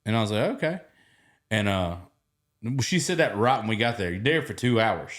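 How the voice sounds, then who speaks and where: A man with a Southern US accent, hosting a podcast and telling stories in casual chat, animated, swinging between loud and soft. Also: on the low side, moderate pace. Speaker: podcast host.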